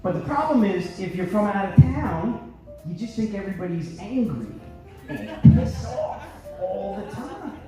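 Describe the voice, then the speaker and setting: Brash high-voiced male stand-up comic. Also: animated, measured pace, heavy reverb, distant mic, over music, rough recording. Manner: brash, switches into gruff Philly voices for bits. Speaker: stand-up comedian. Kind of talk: stand-up comedy set. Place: large theater stage with live audience.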